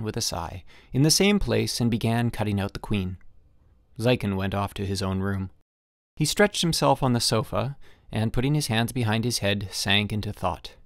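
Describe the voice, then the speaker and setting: A man narrating a classic short story as an audiobook narrator, measured and even. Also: lowish voice, vocal fry, dry recording, clean studio sound. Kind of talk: scripted narration.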